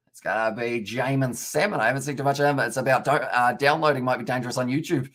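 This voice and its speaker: A man's voice: mid-range voice, fast, hardly any pauses, fairly bright tone. A man from New Zealand giving casual live-stream commentary on a rugby league match, chatting with viewers and reading out chat between plays.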